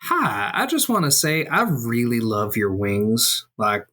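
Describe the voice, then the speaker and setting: Woman voicing a friendly awkward adventurer, very low voice, lively, sweet and hesitant. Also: takes it slowly, exaggerated voice. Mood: earnest.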